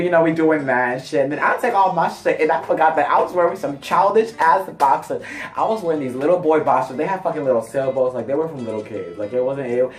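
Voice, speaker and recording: A young man telling a casual, profane story in an animated, chatty way, full of fillers and sudden high pitch jumps. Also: far from the mic. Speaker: vlogger. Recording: roomy sound from off-mic, faint music.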